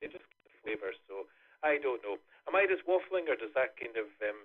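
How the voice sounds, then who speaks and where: A man's voice: medium pitch, very animated, brisk. A Scottish man hosting a ham radio net, chatting in a rambling way with many fillers. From Scotland. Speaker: net host. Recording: tinny radio link.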